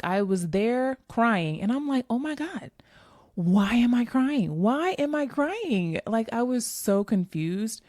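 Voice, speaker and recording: Chatty woman in her forties, low voice. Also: darkish tone, dry recording, studio quality. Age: 40s. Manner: chatty, candid storyteller addressing listeners directly. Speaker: fitness coach and podcast host. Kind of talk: casual solo podcast talk.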